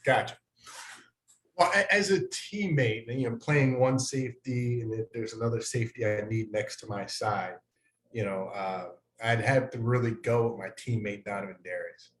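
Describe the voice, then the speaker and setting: A man who is a guest on a talk show, answering questions in a relaxed way with many fillers. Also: mid-range voice, normal speed, echoey room. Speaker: guest, former college football player. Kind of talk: casual interview answers.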